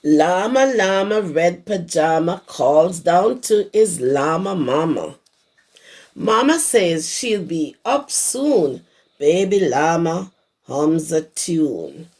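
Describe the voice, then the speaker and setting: A hoarse woman who teaches preschool, reading a picture book aloud to young children and stopping to explain words. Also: lowish voice, animated, slow pace, a little mellow. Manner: explains words to small children as she reads. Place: her home.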